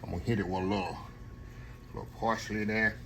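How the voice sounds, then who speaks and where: An older man hosts a home cooking video, chatting folksily with viewers, whom he calls y'all, while he cooks in his kitchen. His voice is on the low side with a steady tone, he talks fast, and there's heavy background noise.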